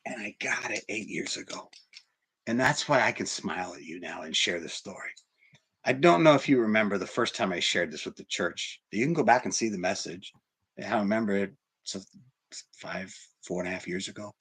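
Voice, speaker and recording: A man preaching a sermon in church, swinging from hushed, near-whispered lines to loud, emphatic ones. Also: on the low side, expressive, fairly quick, breathy edge. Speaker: pastor.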